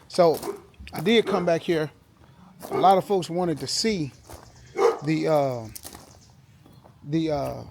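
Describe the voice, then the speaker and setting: A man chats loosely for his car vlog, his voice gravelly and a little high. He rambles in a laid-back way and keeps saying "man." The recording is noisy, with dogs barking somewhere in the yard. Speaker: car vlogger. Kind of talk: casual vlog talk. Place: outdoors at a garage with dogs.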